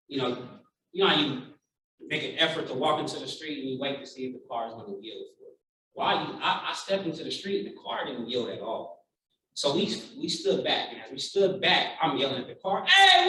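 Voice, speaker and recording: Man, 30s, keynote speaker; heartfelt, animated storyteller; bright tone, far off in a booming hall. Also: a little hiss or hum. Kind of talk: personal storytelling keynote speech. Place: large conference room.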